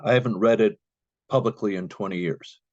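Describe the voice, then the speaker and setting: A man reading his own poem slowly and deliberately at an open mic. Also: lowish voice, no echo. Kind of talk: poetry reading. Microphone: video call. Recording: dull lo-fi video call audio.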